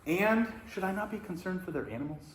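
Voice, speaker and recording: A patient, fatherly God calmly questions a sulking prophet, as a man puts him on. His voice stays close to an everyday man's tone, gentle and steady. There is a roomy echo and a faint hiss behind him. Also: high voice, a little fast, voice pushed up.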